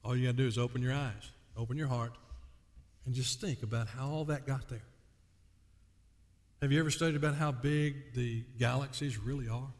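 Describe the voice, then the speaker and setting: A male pastor preaching a sermon, reading scripture aloud and dwelling on key words with slow emphasis. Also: mid-range voice, steady tone. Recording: long hall reverb.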